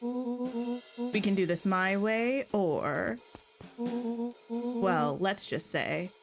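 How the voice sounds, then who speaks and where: A woman voicing a young male critter who poses as a gruff, menacing detective with a slow blustery drawl in a video game. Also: a little high, faint music behind.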